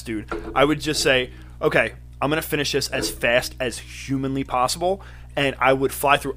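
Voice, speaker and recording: A man's voice: mid-range voice, bright, forceful tone, slight background noise. A young man in casual podcast chat, telling joking stories and calling people dude. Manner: quick joking storyteller, says dude a lot.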